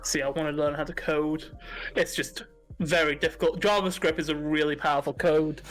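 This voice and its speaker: A man's voice: on the high side, fairly even intonation, normal speed, a bit bright, soft background music. Chatty, giggly young man. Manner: chatty, giggly, emotional and open. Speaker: podcast co-host. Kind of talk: casual chat on a livestream.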